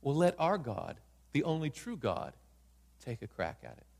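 A man playing a calm, confident young prophet in a sermon. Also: medium pitch, moderate pace, gravelly, in a large hall. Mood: assured.

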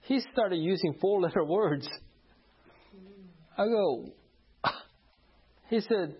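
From the pulpit, a pastor tells a personal story as part of his sermon, laughing often and acting out the voices of the people in it. His voice sits high and is gravelly and husky, at a moderate pace with frequent pauses. The recording has a dull lo-fi sound.

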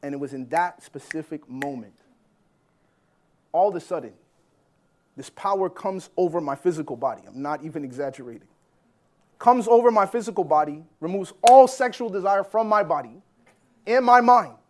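A man preaching a sermon as a personal story, animated, swinging between loud bursts and hushed lines. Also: high voice, a little fast, slight background noise. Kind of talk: sermon testimony.

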